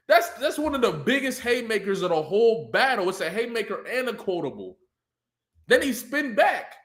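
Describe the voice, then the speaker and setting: Man, battle rapper, casual reaction commentary, high lively voice. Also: moderate pace. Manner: excitable, hypes up lines, breaks into shouts and laughs. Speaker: battle rapper breaking down diss tracks.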